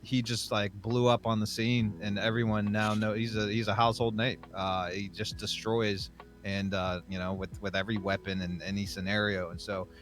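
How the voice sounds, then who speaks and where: Low-voiced guy rambling on a podcast, lots of ums, thinking out loud, soft music behind. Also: flat delivery, moderate pace. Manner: rambling, reflective, many fillers. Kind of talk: casual podcast chat.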